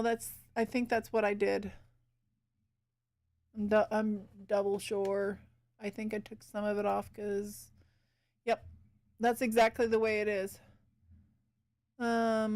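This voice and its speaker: A woman streamer chatting casually as she paints. Her voice is smooth and clear, and she keeps up an easy back-and-forth with her viewers while she works. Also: medium pitch, little pitch movement, slow, long pauses, a little mellow. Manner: chatty, talks to chat while working.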